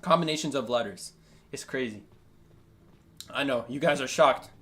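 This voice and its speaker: A gaming streamer with a mid-range voice commentates on his own gameplay live at a normal speed. He's animated and joking, talking directly to his chat as he plays.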